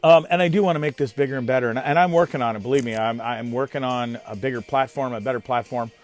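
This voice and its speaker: A man hosting a casual live stream, rambling excitedly and greeting viewers by name. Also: mid-range voice, quick pace. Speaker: host of a live online show.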